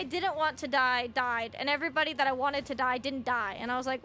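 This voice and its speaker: A woman's voice: high-pitched, steady tone, brisk, bright, forceful tone. A young woman streaming a video game, chatting casually with her viewers, swearing freely and sounding a little tired and short on sleep. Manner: chatty, swears freely, greets chat by name.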